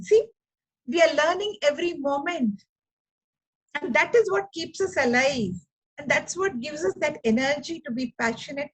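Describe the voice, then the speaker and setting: A woman's voice: high-pitched, rough recording. An older woman gives a motivational talk as an educator and counselor, acting out little dialogues as she tells stories. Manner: animated storyteller, acts out dialogues. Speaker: special needs educator and counselor.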